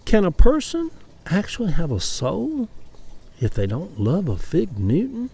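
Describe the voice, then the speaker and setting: Slow-talking Southern man with a lively voice. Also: sits high, breathy edge. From Atlanta, US South. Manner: chatty, opinionated, wry ranting. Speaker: vlogger. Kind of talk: casual personal monologue.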